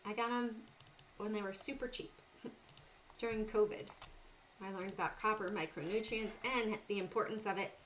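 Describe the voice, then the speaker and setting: A woman's voice: mid-range voice, fairly even intonation, moderate pace, long pauses, a bit bright, a little hiss or hum. A middle-aged woman with a Southern US accent hosting a casual trading livestream, talking through charts and greeting chat viewers by name.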